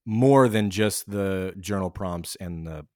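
A male podcast co-host with a fairly low voice and a dry, close sound. He speaks in a chatty, easygoing way and laughs often while telling stories. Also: takes it slowly, a little mellow, no room sound. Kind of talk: casual chat.

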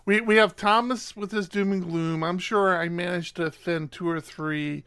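A man co-hosting a podcast jokes and teases in casual banter. His voice sits high, with a gravelly fry and a sharp, bright tone. The sound is dry and close. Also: fairly even intonation, no echo. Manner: teasing, quick with jokes, wraps up the show. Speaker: podcast co-host.

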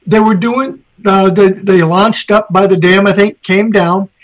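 A man's voice: high voice, steady tone, a little slow, poor audio. A man co-hosting a casual podcast chat, making easygoing, offhand remarks. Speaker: podcast co-host.

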